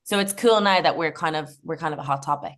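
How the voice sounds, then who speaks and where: A woman's voice: low voice, quick pace, fairly bright tone. A young Irish woman chatting and laughing through stories as a comedy podcast guest. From Ireland. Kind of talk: casual podcast chat.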